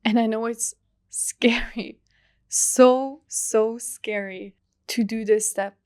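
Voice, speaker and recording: Young female podcast host, earnest and unhurried, dry close sound. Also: on the high side, fairly even intonation, clear, resonant tone, no echo. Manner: soft, earnest, heartfelt, with drawn-out pauses. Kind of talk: reflective solo podcast monologue.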